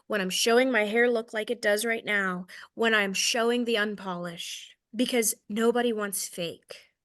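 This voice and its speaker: A woman's voice: medium pitch, fairly bright tone. A woman in her thirties with a Southern American accent, giving a casual, candid sales training talk, self-deprecating and checking in with "okay?" often. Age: 30s.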